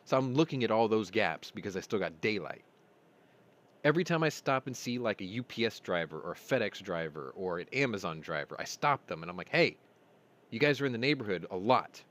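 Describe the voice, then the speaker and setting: A man with a lowish voice tells a story in a casual chat. He speaks in quick, animated bursts and drops in the odd swear word. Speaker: podcast host.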